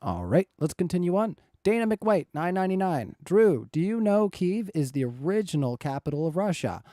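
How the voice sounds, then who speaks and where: A man's voice: sits high, very animated, normal speed, dark tone, dry recording, clean studio sound. A man moderating a livestream debate, firmly keeping order and reading out viewer questions.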